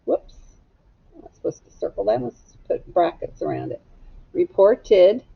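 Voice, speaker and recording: A woman teacher leads a phonics lesson at a slow, deliberate pace, sounding out syllables one by one with patient care. The recording is slightly dull and muffled. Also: on the low side, very animated, vocal fry, husky. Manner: slow, patient, drawn-out instruction.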